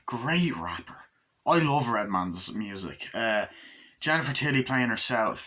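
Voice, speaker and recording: A man giving a casual spoken movie review, rambling and excitable, swearing freely as he goes. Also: on the low side.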